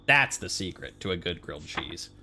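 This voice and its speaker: A man's voice: low voice, moderate pace, soft background music. Chatty man rambling over a game. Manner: rambling, joking asides. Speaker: game player. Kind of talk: casual let's-play commentary. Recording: steady background noise.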